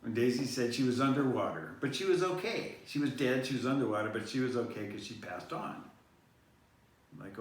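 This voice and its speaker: A man's voice: medium pitch, lively intonation, normal speed. Man, vlog host, meandering storytelling, lots of fillers, very echoey room, distant mic. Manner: meandering, many fillers and restarts. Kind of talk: rambling personal storytelling. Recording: echoey room, far-off mic, faint noise.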